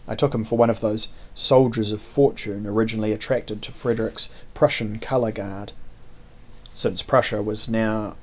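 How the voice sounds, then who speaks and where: A man narrating a historical adventure novel in the first person, with measured, expressive storytelling. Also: fairly low pitch.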